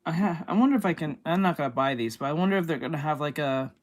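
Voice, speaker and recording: A woman doing casual gaming reaction commentary, excitable, swearing and often shouting. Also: sits low, fast talker, slight background noise. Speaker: YouTuber reacting to videos. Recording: voice with music playing behind. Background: clear music.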